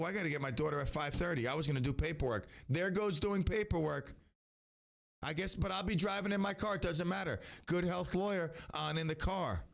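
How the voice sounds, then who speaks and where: Sitting high in pitch and creaky, this middle-aged man's voice carries a casual local radio show. He wanders off topic, interrupts himself, and now and then belts out a song.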